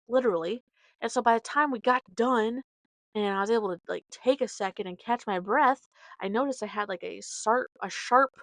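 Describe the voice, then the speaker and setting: On her podcast, a woman with a fairly high voice relates a story in a chatty, wandering style, adding asides and fixing her own slips. She acts out dialogue with dramatic flair, and the audio has no echo.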